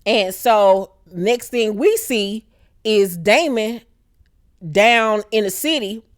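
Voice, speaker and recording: Animated woman recapping a TV show. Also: medium pitch, slow, dry recording, clean studio sound. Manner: animated, acts out characters in exaggerated voices. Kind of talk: casual profane TV recap.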